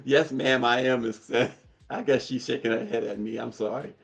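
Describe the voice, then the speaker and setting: A man's voice: mid-range voice, steady tone, moderate pace, creaky. A man co-hosting a morning news show, chatting casually and chuckling often as he talks. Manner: chuckles often while talking.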